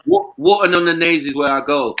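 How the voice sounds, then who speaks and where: A man's voice: a little high, sing-song, a little fast, gravelly, crowd noise. A man, chatting casually on a live panel, slangy and often checking "you know what I mean". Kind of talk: casual chat.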